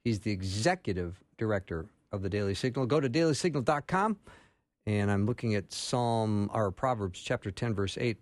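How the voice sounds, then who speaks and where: A man's voice: on the low side, animated, normal speed, dry recording. Chatty male radio talk host, dry sound. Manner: chatty, with many fillers and laughs.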